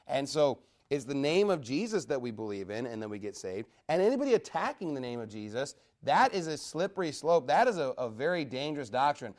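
A man preaches a verse-by-verse Bible sermon in a sing-song, slightly mellow voice, moving briskly with almost no pauses. He is emphatic, puts questions to his listeners, and grows louder and higher in pitch when driving his points home.

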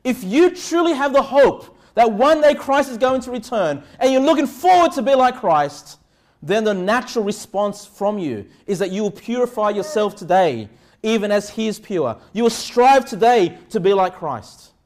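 A man pastor preaching a sermon earnestly, asking the listeners rhetorical questions and reading scripture slowly and deliberately. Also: high voice, big pitch swings.

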